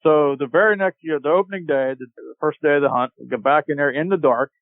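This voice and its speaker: A man with a slightly raised voice tells a hunting story, animated and chatty, and acts out the shouts of his friends. His voice comes through a dry, narrow, phone-like connection. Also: on the high side, fast talker, no room sound. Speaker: podcast guest. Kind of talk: storytelling in a casual chat. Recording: tinny phone-like line, dry.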